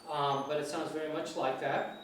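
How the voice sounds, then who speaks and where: A man's voice: on the high side, level tone, normal speed. A middle-aged man teaching an informal English lecture, chatty and asking students questions. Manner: chatty, asks the audience questions, imitates regional accents. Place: lecture hall. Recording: echoey hall from far off, faint noise.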